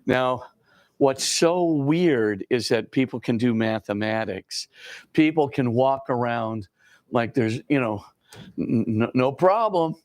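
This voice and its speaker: A male priest lectures a class in a loose, conversational way, full of fillers, and acts out the voices of the people in his stories. His voice sits at a middle pitch. It is recorded close and dry, with no room sound. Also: expressive, slow, darkish tone, no echo. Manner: conversational, many fillers, acts out quoted dialogue. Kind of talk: informal lecture.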